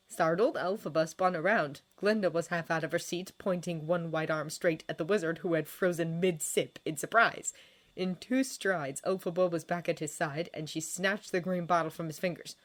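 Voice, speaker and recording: Woman, fanfiction narrator, lowish voice, measured and expressive. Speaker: fanfiction reader.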